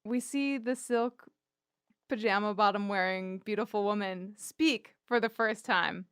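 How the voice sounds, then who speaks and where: A woman's voice: medium pitch, measured pace, fairly bright tone, smooth, dry recording, clean studio sound. A woman from New Jersey co-hosting a rewatch podcast, recapping scenes playfully and joking about them. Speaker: podcast co-host. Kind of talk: casual chat.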